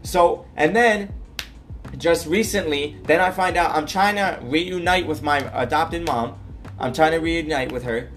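A man's voice: fairly high pitch, unhurried, a bit bright, soft background music. A man hosting his own podcast, talking earnestly about his life and often checking in with "right?" and "okay?". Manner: earnest, repeats himself, tags lines with "right?" and "okay?". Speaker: podcast host. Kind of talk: solo personal podcast monologue.

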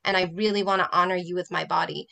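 A woman speaking as a podcast guest, her voice bright and forward. She tells her own story in an earnest, reflective way, like a health coach speaking from experience. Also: lowish voice, steady tone, quick pace, creaky. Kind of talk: personal testimony in a faith podcast conversation.

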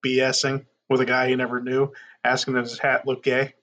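A man's voice: medium pitch, monotone, brisk, a bit bright, highs cut off. A man co-hosting a casual podcast chat, teasing his friend with hesitant restarts. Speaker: podcast co-host.

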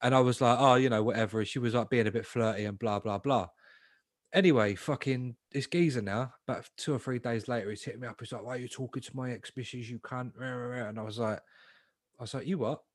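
A man's voice: medium pitch, fast talker, no echo, clean studio sound. A young man telling a long, slangy, swear-filled anecdote in a casual podcast chat. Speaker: podcast co-host.

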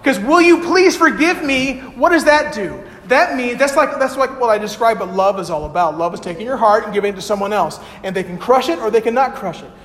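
High-voiced preacher in a reverberant hall. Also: male voice, fast talker, hardly any pauses. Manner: lively, quizzes the congregation and acts out quoted lines. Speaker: pastor. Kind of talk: sermon. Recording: long hall reverb, faint hiss.

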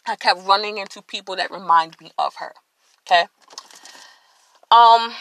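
A woman's voice: on the high side, fairly bright tone, no echo. A woman hosting a podcast, giving an emphatic, preachy motivational faith talk and addressing listeners directly. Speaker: podcast host.

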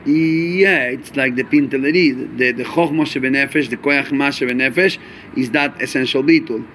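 Teaching chassidic Torah with lively energy, a man asks rhetorical questions and drops in Yiddish and Hebrew words. He speaks at a medium pitch and normal speed, with a little hiss or hum in the audio.

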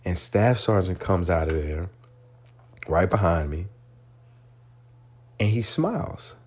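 A man hosting a podcast, telling a personal story in an animated, earnest way and drawing a motivational lesson from it. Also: low-pitched, slow, slightly rough. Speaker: podcast host. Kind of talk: storytelling monologue.

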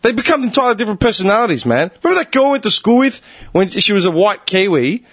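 Animated Australian man, husky and dry. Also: high-pitched, fast talker, no echo. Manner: animated, swearing, explains with rhetorical questions. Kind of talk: casual chat.

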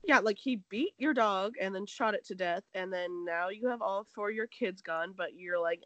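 A woman's voice: mid-range voice, normal speed, few pauses, dry recording, lo-fi sound. A woman co-hosting a casual gossip chat, retelling a story with lots of "like" and acting out the quotes. She says she is sick. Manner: animated storytelling, acts out quotes, heavy "like".

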